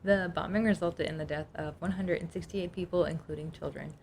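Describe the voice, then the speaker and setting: A woman's voice: low-pitched, fairly even intonation, fairly quick, gravelly, darkish tone, slight background noise. A woman co-hosting a casual podcast, reading from her notes and chatting between them. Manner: reads notes aloud, chatty, laughs easily. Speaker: podcast co-host.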